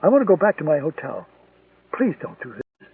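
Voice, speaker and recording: A man's voice: fairly high pitch, very animated, brisk, vocal fry, husky, full character voice. A man reading an audiobook voices a frightened but defiant woman, a former militant denying who she is. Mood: frightened pleading. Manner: pleading, insisting denial. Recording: tinny, distant, dry lo-fi recording.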